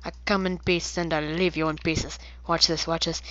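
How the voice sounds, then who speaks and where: Woman, playful game commentary, rambling silly asides, somewhat low voice, dull lo-fi sound. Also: level tone, moderate pace, a bit bright, no room sound. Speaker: gaming video creator. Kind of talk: casual gameplay commentary.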